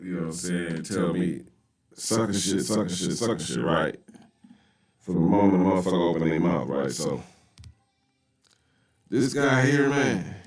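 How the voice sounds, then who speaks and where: A man's voice: low-pitched, normal speed, pauses often, recorded from a distance. A man hosts a casual reaction talk. He riffs in a loose, mocking way, full of street slang. The sound is roomy, as if he sits back from the microphone. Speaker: podcast host reacting to a video.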